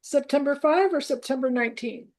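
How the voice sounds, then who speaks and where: A woman's voice: high-pitched, darkish tone. A woman facilitating a casual book discussion group, keeping the time and wrapping up the meeting. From New Orleans area. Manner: brisk, keeps time, reads aloud.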